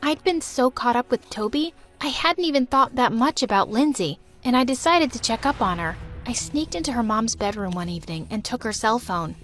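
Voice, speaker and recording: Young female storyteller, high voice, dramatic expressive narration. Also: normal speed, hardly any pauses, soft background music. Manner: dramatic, expressive first-person telling. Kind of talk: first-person storytime narration.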